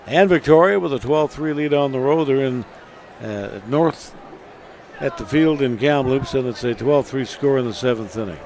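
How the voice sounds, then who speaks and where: A man calling baseball play-by-play on the radio in steady, measured calls, with scoreboard updates. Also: mid-range voice, a little hiss or hum. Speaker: play-by-play announcer.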